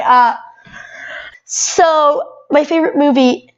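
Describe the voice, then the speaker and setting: A twelve-year-old girl talking as a podcast guest. Her voice sits high, and she rambles freely, filling her sentences with "like" and restarting them often. The recording is a bit dull and muffled. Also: unhurried. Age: 12 years old. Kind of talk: casual chat.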